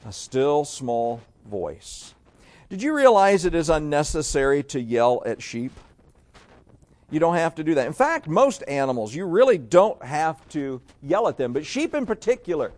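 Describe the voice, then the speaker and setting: Folksy preaching man, fairly high voice. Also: a little mellow. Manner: folksy, conversational preaching with rhetorical questions. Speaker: pastor. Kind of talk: sermon.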